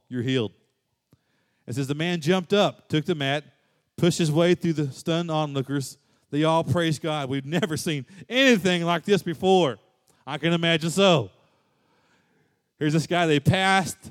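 A man preaching a sermon as pastor. He moves between soft, low passages and loud, emphatic rises.

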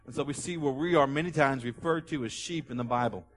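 A man pastor preaching a sermon to his congregation, asking questions for them to answer and reading scripture aloud slowly with emphasis. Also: medium pitch, faint music behind. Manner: call-and-response questions to the congregation. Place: church sanctuary. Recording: long hall reverb.

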